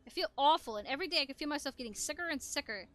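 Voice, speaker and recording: A woman's voice: sits high, lively intonation, racing, fairly bright tone, faint music behind. A woman voicing a young robot caretaker who talks in a stiff, formal way in a game. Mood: anxious.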